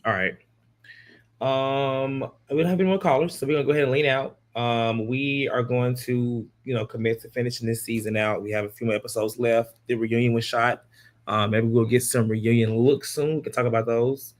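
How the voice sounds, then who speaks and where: A man hosting a live podcast, relaxed and easygoing, giving short affirmations and signing off casually. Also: mid-range voice, brisk. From California. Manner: relaxed, brief affirmations, easygoing sign-offs. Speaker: podcast host.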